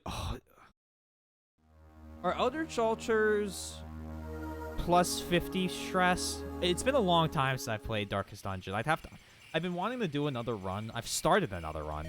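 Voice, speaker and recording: A streamer giving casual live commentary on a game, chatty and quick to swear. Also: mid-range voice, sing-song, fairly bright tone, soft background music.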